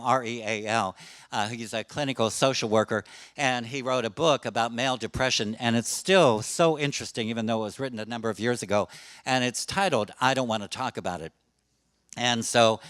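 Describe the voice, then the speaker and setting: Middle-aged male presenter, crisp bright voice, chatty and self-deprecating, dry close sound. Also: mid-range voice, no echo. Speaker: presenter on suicide prevention. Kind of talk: conference talk to a live audience.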